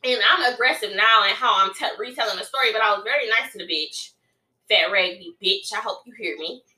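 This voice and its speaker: A woman chatting casually and telling a story in a profane, animated way, with loud outbursts. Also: mid-range voice, brisk, roomy sound, far from the mic. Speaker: podcast co-host.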